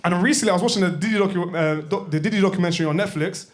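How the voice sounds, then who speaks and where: Fast-talking young comedian. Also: male voice, high voice. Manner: loose, slangy storytelling, self-mocking. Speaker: stand-up comedian. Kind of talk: stand-up comedy set. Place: comedy club stage.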